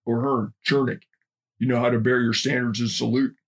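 A man voicing a gruff drill instructor giving blunt, clipped orders in a husky voice. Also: medium pitch, little pitch movement, moderate pace, lightly acted. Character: gruff male drill instructor addressing his platoon.

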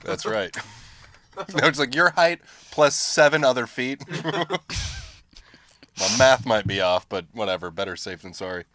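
A young man joking as a podcast guest, laughing often, with deadpan dark humor. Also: mid-range voice, a little slow, no echo. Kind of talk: casual chat.

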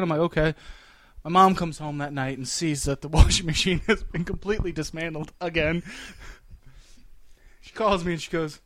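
Casting: young male podcast host, bright high voice, dry close mic, laughs through his own anecdotes. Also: normal speed, no room sound. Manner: laughing, animated storyteller, swears freely. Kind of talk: casual storytelling chat.

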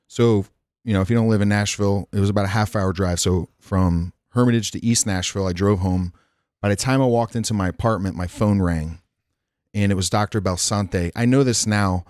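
A man's voice: fairly low pitch, steady tone, a little fast, a little mellow, no room sound, clean studio sound. A man telling a candid personal story in casual podcast chat, frank and rambling, swearing freely. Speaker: podcast guest. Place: Nashville.

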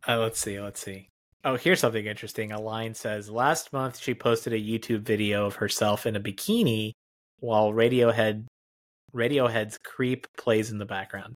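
A man's voice: fairly low pitch, fairly even intonation, moderate pace, no room sound. A man co-hosting a film podcast, talking in a laid-back, offhand way and reading bits of articles aloud. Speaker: podcast co-host. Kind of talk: casual film podcast chat.

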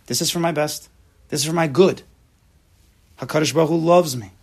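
Male Torah teacher, gravelly husky voice, punchy classroom delivery. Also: a little high, fairly quick. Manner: emphatic, mixes Hebrew terms into English. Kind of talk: lecture to a class.

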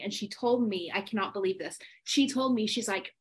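A woman co-hosting a podcast, telling stories in a lively, profane, casual chat. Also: mid-range voice, brisk. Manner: animated, profane storytelling. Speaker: podcast co-host.

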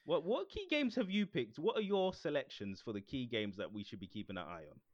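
A man's voice: mid-range voice, sing-song, fairly quick, no echo. A man chatting casually as a podcast co-host, cracking jokes and laughing often. His voice swoops up and down with lots of life. The sound is dry and a little dull. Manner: jokey, mimics people in silly voices, laughs often. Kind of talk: casual chat.

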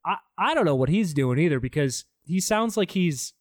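A man's voice: on the high side, expressive, normal speed, dry recording, studio quality. A man in casual podcast chat, reviewing a bad movie with profane, sarcastic jokes. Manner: profane, sarcastic, mocking impressions.

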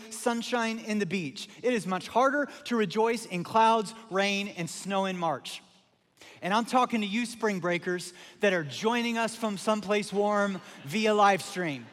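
A middle-aged male pastor with a fairly high voice delivers a sermon in an easy, conversational way. He leans on emphasis and repeats key phrases. His voice carries the long reverb of a large church auditorium. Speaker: lead pastor.

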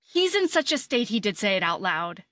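A young woman host giving a chatty, animated book recap, swearing casually. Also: medium pitch, moderate pace, no echo, clean studio sound. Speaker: podcast host.

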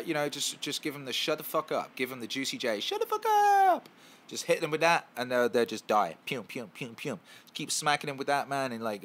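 A man's voice: mid-range voice, fairly bright tone. A man hosting a casual live stream, answering chat questions in an emphatic, profane, repetitive way.

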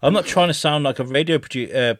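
A man's voice: a little high, fast talker, no room sound. A man who hosts a podcast and a radio show, chatting casually and rambling a bit with swearing. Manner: rambling, sweary, mimics presenter voices. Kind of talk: casual chat.

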